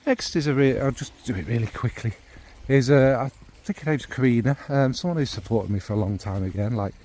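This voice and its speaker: Male vlogger, rambling casual delivery, middle pitch, soft background hiss. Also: fairly quick. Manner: rambling, warm and enthusiastic about scents. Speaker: fragrance vlogger. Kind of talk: casual rambling chat to camera.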